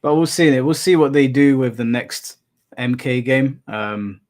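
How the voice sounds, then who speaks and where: A man's voice: mid-range voice, unhurried, a little mellow. A young adult man hosting a live stream, chatting casually with viewers and telling rambling anecdotes with casual swearing.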